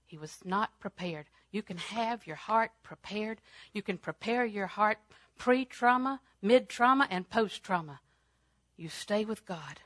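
A woman preaching a sermon, swinging from loud, emphatic declarations to hushed, near-whispered lines, repeating phrases for emphasis. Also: mid-range voice, expressive, unhurried, no echo.

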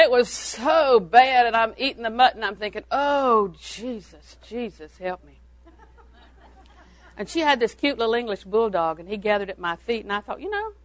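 Sharing homespun stories about raising children, this older woman chuckles as she addresses a church crowd. She speaks with a fairly high, fairly bright voice captured in a low-quality recording.

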